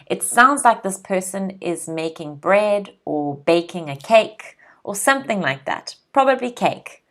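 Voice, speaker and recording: A woman's voice: medium pitch, lively intonation, fairly bright tone. A woman from South Africa teaching English vocabulary, drilling pronunciation and checking in with learners. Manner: slow, clear pronunciation drills with frequent check-ins. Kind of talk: vocabulary lesson.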